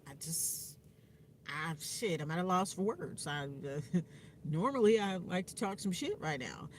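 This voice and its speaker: A woman's voice: fairly low pitch, expressive, measured pace, a little hiss or hum. A woman vlogging in a frank, profane way, with lots of fillers. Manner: candid, frank and profane, with frequent fillers and laughs. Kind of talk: casual personal vlog talk.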